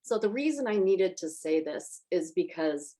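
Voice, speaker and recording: A woman's voice: lowish voice, animated, moderate pace, dark tone, low-quality recording. A woman on a movie podcast, chatty and emotional as she retells a film's plot. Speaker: podcast panelist. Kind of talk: casual movie discussion.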